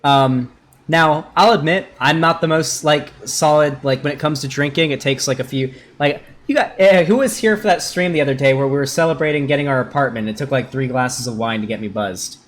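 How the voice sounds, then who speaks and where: A man's voice: medium pitch, a little fast. A man doing casual live-stream commentary on a video, rambling and sarcastic, with frequent swearing.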